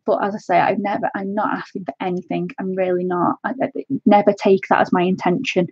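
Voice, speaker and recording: A woman hosting a colouring live stream, talking to her viewers in an emotional, halting way with many restarts. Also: medium pitch, flat delivery, a little mellow, husky, dry recording, lo-fi sound. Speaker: colouring channel host.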